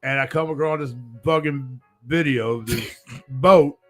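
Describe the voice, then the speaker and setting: A man's voice: mid-range voice, unhurried, faint music behind. A man co-hosting a live radio podcast, telling a crude story between bursts of laughter and heavy swearing. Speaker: co-host. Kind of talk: crude casual podcast banter.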